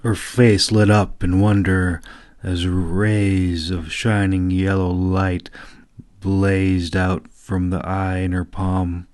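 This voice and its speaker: A man narrates his own fantasy novel in an unhurried, measured way. His voice sits on the low side. The recording is close and dry, with no room sound. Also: flat delivery, darkish tone, dry recording. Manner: slow, measured reading. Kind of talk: audiobook narration.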